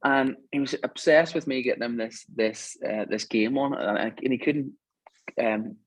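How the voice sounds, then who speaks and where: A man's voice: medium pitch, moderate pace, no echo, low-quality recording. A man talking as a podcast guest, telling a reflective, earnest story in a casual chat.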